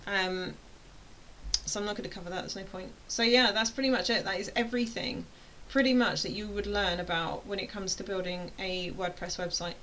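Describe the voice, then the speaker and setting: A woman's voice: medium pitch, steady tone, brisk, fairly bright tone, a little hiss or hum, poor audio. A British woman teaching an online course, talking casually in a rambling, playful way that keeps interrupting itself. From United Kingdom. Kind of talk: casual chatty explainer.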